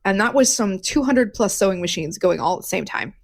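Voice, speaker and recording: A woman co-hosting a podcast in casual chat, telling a story in a lively, profane way with lots of restarts. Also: medium pitch, a little fast, creaky, slightly rough. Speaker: podcast co-host.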